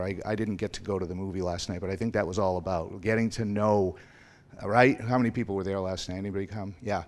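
Speaking fast in a low voice with fairly even intonation, a male pastor gives a sermon in a church sanctuary. He's conversational and rambling, pausing to quiz the congregation and poking fun at himself.

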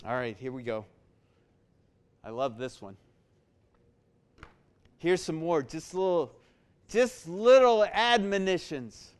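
A man's voice: a little high, expressive, takes it slowly, pauses often, clear, resonant tone. A man preaching a sermon to his church, repeating words for emphasis and building in force. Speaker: pastor.

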